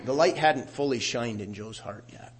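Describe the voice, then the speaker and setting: A middle-aged man preaching a sermon, growing loud and animated when he quotes scripture. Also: mid-range voice, normal speed, slight background noise. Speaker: pastor.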